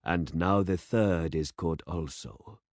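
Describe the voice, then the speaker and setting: A man voicing a grave, elderly village pastor in a story read aloud, speaking slowly and formally. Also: low voice, darkish tone, no room sound, studio quality. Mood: solemn. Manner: slow, solemn and formal.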